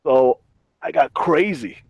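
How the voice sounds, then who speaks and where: A man telling a rowdy, profane story on a casual panel show, animated and loud in the quoted parts. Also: fairly high pitch, slow, gravelly, breathy edge, no echo, low-quality recording.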